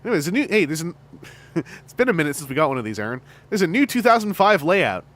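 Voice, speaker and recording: Lively chatty man hosting a stream. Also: fairly high pitch, quick pace. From Canada. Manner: animated, chatty, laughing often. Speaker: streamer host and fan voice actor. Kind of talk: casual livestream chat.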